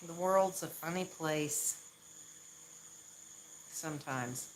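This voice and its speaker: A woman's voice: low-pitched, very slow, a little hiss or hum, poor audio. A woman from the Southern US with a Southern accent, chatting casually on a live stream, laughing often and poking fun at herself. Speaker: livestream host.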